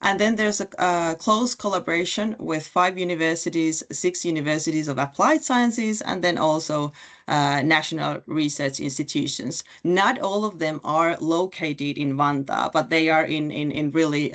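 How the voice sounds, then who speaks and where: A woman with a low voice presents her city in an online session. She talks in a halting way, with many fillers and restarts. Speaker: city representative pitching at a webinar. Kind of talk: presentation pitch.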